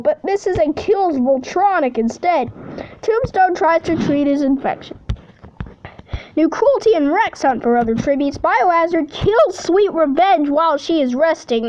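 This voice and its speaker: A high-pitched woman reads out a list of game events in a casual, playful way, tossing in jokes and cheers between them. The sound is dull and lo-fi, with a faint hiss underneath. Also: lively intonation, normal speed, darkish tone. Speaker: channel host. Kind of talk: reading simulator results aloud with commentary.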